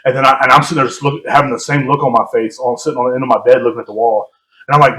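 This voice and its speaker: A man's voice: mid-range voice, fast, fairly bright tone. A young man co-hosting a podcast, telling a long story in a rambling, self-mocking way and laughing often. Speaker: podcast co-host. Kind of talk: casual storytelling chat. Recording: roomy echo.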